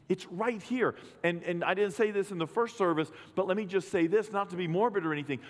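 A man's voice: high voice, fast, hardly any pauses. A middle-aged man, a pastor telling personal stories in a conversational sermon, acting out gasps and quotes. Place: church sanctuary. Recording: long hall reverb.

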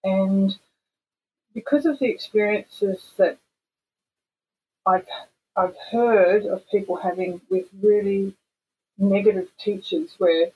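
An Australian woman talks as an interview guest, animated and frank, leaning hard on her points. Her voice has a husky edge and sits at an ordinary middle pitch. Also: slow pace, long pauses, rough recording. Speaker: guest, voice actor and singer. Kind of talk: casual interview chat.

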